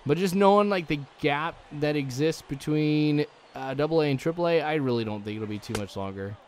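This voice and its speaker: A man's voice: on the high side, a little fast, slight background noise. A young man giving rambling, chatty let's-play commentary, full of likes and ums, chuckling now and then. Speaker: gaming channel host.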